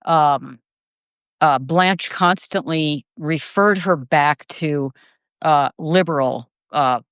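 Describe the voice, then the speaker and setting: A middle-aged woman talks with a fairly low voice and animated energy, slipping into quoted voices now and then. The sound is dry, with no room behind her. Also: takes it slowly, clear, resonant tone, dry recording. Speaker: journalist and co-host. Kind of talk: casual conversation on a live stream.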